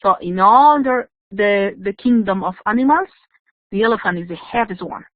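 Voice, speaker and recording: Patiently explaining English grammar to an online class, this woman keeps checking in with "yes?". She has an expressive mid-range voice at normal speed. The recording, free of room sound, is dry and tinny, like phone audio.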